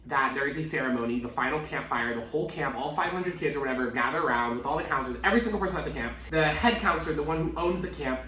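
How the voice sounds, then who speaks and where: A young vlogger races through a dramatic, swear-filled story with few pauses and a sharp tone, acting out quotes in high voices. The room is echoey, with faint music in the background.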